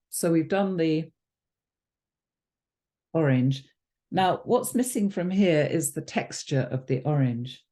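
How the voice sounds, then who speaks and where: A woman giving a relaxed watercolour painting demonstration, chatty and thinking aloud with ums and self-corrections. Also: low voice. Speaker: watercolour art teacher.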